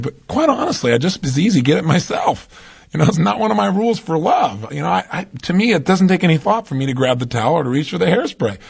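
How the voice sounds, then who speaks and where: A man giving a motivational seminar talk, animated and full of rhetorical questions to his audience. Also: fairly high pitch, quick pace, vocal fry, breathy edge. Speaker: motivational speaker.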